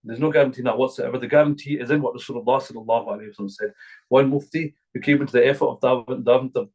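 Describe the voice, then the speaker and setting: A man's voice: medium pitch, steady tone, very fast, a little mellow, rough recording. A middle-aged man from Glasgow, an imam giving an earnest, repetitive religious talk to a gathering. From Glasgow, Scotland. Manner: earnest, repetitive, emphatic preaching.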